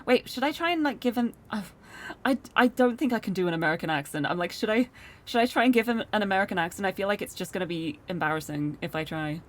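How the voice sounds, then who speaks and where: A young woman streamer reading a visual novel aloud, with animated, self-deprecating asides, over game music. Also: mid-range voice, quick pace. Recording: game music playing behind.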